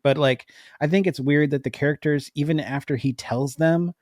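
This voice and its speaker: A man's voice: fairly high pitch, moderate pace, a little mellow, no room sound, clean studio sound. A man appearing as a podcast guest, talking through a film review in a chatty, emphatic way with side notes. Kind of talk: casual film review chat.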